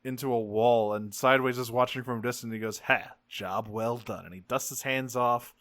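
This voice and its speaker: A man's voice: mid-range voice, no room sound. A man co-hosting a podcast, recapping a cartoon episode in casual profane chat and acting out the characters' lines. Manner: profane, animated, acts out characters in quick voices. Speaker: podcast co-host.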